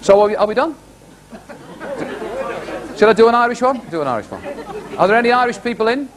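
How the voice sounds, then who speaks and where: A middle-aged man warming up a live television studio audience, telling jokes and stories in a chatty, animated way and throwing questions to the crowd. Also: very high-pitched, fast talker. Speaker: studio warm-up comedian.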